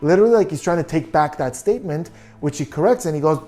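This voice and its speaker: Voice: mid-range voice, expressive, fast talker, dark tone. A body language analyst giving true crime video commentary, reasoning through details and asking many questions.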